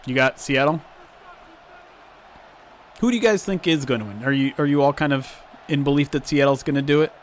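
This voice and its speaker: A man's voice: mid-range voice, brisk, long pauses, a little hiss or hum. Chatty man streaming a football game sim. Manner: chatty, breaks into loud excited outbursts. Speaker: livestream host. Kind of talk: casual play-by-play and chat.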